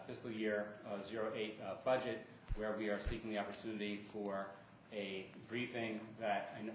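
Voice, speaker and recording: Halting man speaking far off in an echoey hall. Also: on the low side. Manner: halting, many fillers and restarts. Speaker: board member. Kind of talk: public meeting remarks. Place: large meeting room. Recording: echoey room, distant mic, background noise.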